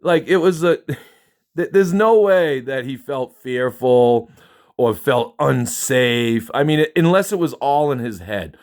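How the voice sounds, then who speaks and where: A man's voice: mid-range voice, animated, slow, a little mellow. A man in a casual spoken rant, emphatic and profane, dismissive and often restarting his sentences. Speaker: concertgoer recounting a show.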